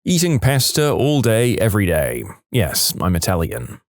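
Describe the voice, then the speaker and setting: A man narrating online comments in a scripted reading, with a wry, lively delivery and small laughs. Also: lowish voice, moderate pace, no echo, studio quality.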